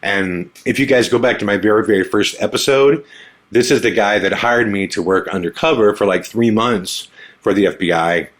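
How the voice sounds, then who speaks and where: A man with a slightly low-pitched voice hosts a podcast and tells a story casually. He talks in an animated way, laughs often and acts out what people said. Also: normal speed. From Omaha area, USA. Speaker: podcast host.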